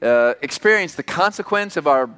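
A man's voice: fairly high pitch, animated, normal speed, bright, forceful tone, clean tone. A man preaching a sermon in an emphatic, conversational way, asking the congregation rhetorical questions. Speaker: pastor. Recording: reverberant hall.

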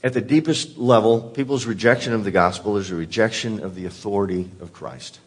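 A man's voice: on the low side, brisk, breathy edge. A pastor delivering a sermon, an earnest man who often repeats words as he presses a point.

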